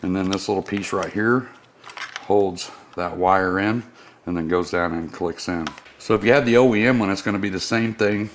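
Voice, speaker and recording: A deep-voiced man talks at a normal speed over slight background noise. He's a service technician in a workshop, casually demonstrating a motorcycle part installation step by step with friendly shop talk.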